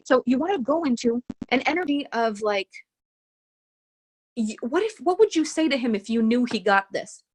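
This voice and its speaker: Woman coach, bright-ish higher voice, earnest and emphatic, leans on repetition. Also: animated, moderate pace, slightly rough. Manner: earnest and emphatic, repeats key phrases. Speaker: relationship coach. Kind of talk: live coaching session, reading out viewer comments.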